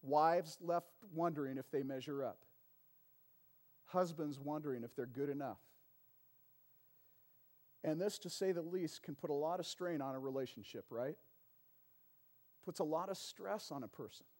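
Male pastor in his sermon, a bit high-pitched, chatty delivery that climbs to loud emphatic peaks. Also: moderate pace, pauses often. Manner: conversational preaching with frequent call-and-response "amen" and "right".

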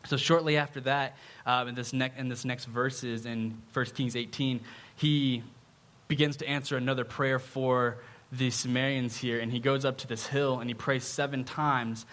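A man preaching in a relaxed, conversational tone with a middle-pitched voice. He keeps checking in with his listeners as he talks them through a story. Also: normal speed. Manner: conversational, often adds a questioning "right?". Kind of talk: casual sermon.

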